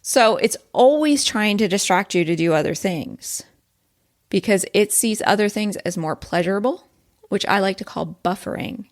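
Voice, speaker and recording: A woman's voice: medium pitch, lively intonation, moderate pace. A woman hosting a solo safety podcast, talking casually and animatedly and often checking in with "right?". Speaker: podcast host, safety professional.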